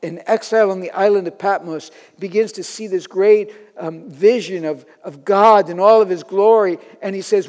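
A man preaching a sermon in an earnest way, building to loud emphatic peaks. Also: sits high, normal speed, hardly any pauses, big-room sound.

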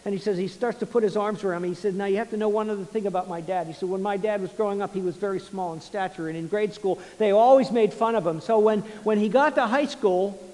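A man preaching a sermon, retelling a story with many repeats and restarts, swinging between quiet and loud passages. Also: high-pitched, steady tone, fast, few pauses, in a large hall, low-quality recording. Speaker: pastor.

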